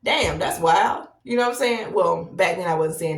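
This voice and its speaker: Gravelly-voiced woman telling a story in an echoey room. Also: on the low side. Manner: animated, conversational, drawn-out repetitions. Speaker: podcast host. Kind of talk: casual storytelling monologue. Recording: roomy echo, distant from mic.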